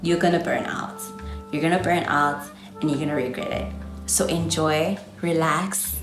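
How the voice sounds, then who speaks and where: South African woman in her twenties, lower voice. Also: steady tone, normal speed, reverberant, music in the background. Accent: South African English. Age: 20s. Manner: chatty, encouraging, calls viewers darling. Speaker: vlogger. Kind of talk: casual advice talk to camera.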